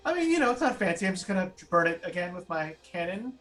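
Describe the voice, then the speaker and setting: A man playing in an online tabletop game who talks eagerly and rambles, full of fillers and quick laughs. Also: sits high, very animated, a bit bright. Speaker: player. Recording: distant voice with faint music.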